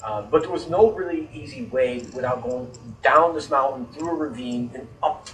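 A man's voice: medium pitch, moderate pace, roomy sound. Man, casual storytelling, profane, rambling, distant mic, faint noise. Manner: profane, rambling, animated when annoyed. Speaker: guest telling a story.

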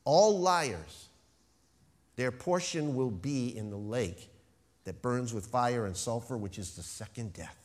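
A man preaching a sermon, stressing key words with slow, emphatic phrasing. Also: mid-range voice, expressive. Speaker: pastor.

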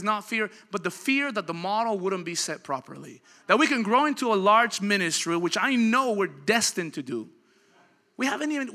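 A pastor in his thirties with a high, very bright and tense voice. He preaches dynamically, moves from quiet storytelling to loud, driving peaks, and acts out the people in his stories. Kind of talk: sermon.

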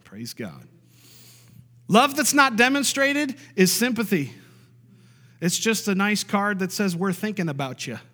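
A man's voice: high-pitched, very animated, measured pace, long pauses, pushed and bright, long reverb tail. A married man preaching a sermon, stressing key lines by repeating them and calling out for amens. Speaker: pastor.

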